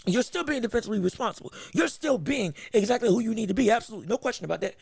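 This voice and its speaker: This hiccuping fight commentator and podcast host calls boxing live in a very high, creaky voice with a breathy edge, close on a dry mic and free of room sound. He responds excitably to each exchange and often restarts or corrects his phrases.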